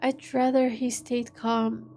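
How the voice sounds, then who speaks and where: Woman, streamer, story read-aloud, halting, self-mocking asides, higher pitch. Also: little pitch movement, mellow, a little hiss or hum. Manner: halting reading with joking asides. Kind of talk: reading an interactive story aloud.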